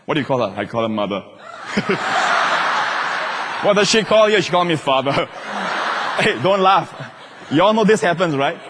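A middle-aged man preaching a lively, humorous sermon as a pastor. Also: on the high side, measured pace, pauses often, in a large hall, background noise. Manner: animated, humorous preaching with laughter.

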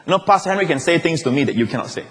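A pastor, preaching a lively sermon with jokes and playful asides. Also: male voice, on the high side, racing. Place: large church auditorium. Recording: long reverb of a large hall.

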